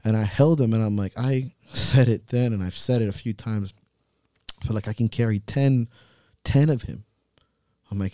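A podcast host in his thirties telling a heartfelt personal story, earnest and halting, swearing freely. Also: mid-range voice, dark tone, dry recording, studio quality. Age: 30s. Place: podcast studio.

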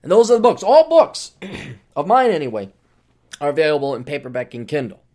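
A man's voice: a little high, expressive, a little fast, warm tone. A man hosting a casual podcast monologue, talking in a sarcastic, ranting way. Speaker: podcast host.

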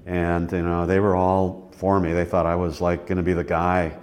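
A man in his sixties, interviewed, telling his life story in a rambling, relaxed way with many fillers. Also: deep voice, moderate pace. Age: 60s. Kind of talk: reflective personal storytelling.

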